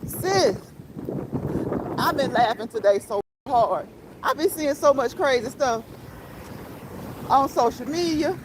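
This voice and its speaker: A high-pitched woman hosts a casual walking livestream, playful and chatty as she addresses her viewers. She talks into a phone outdoors on a city street. Traffic and street noise sit clearly behind her voice. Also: lively intonation, takes it slowly, long pauses. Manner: playful, chatty, laughs often, talks to chat directly. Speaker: livestream host.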